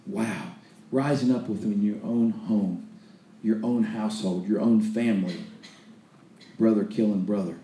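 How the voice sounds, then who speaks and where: A preacher with a low, very dark and mellow voice, telling Bible stories in a loose, chatty way. He stumbles and restarts as he goes. His voice rings in an echoey room. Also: a little slow, long pauses. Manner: loose, conversational storytelling with restarts and acted-out quotes. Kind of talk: sermon retelling Bible stories.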